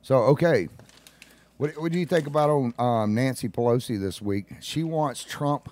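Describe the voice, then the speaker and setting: A man hosting a casual talk radio show, folksy and quick to laugh at his own jokes. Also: mid-range voice, a little mellow.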